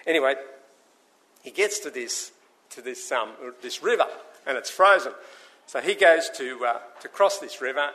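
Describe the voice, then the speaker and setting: A man preaching a sermon, telling stories in an animated way and acting out the voices of the people in them. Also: medium pitch, normal speed, long pauses. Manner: animated storytelling, acts out the voices in his stories.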